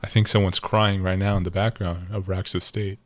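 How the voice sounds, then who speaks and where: A man's voice: low-pitched, level tone, a little fast. A man co-hosting a podcast in casual chat, rambling through his points with frequent laughter and casual swearing. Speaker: podcast co-host.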